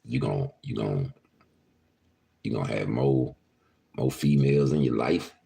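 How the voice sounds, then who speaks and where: Very deep, gravelly man chatting loosely. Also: unhurried, warm tone. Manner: loose, profane and laughing, with slang. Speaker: podcast host talking to live chat. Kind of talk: casual livestream chat. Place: indoors, at home.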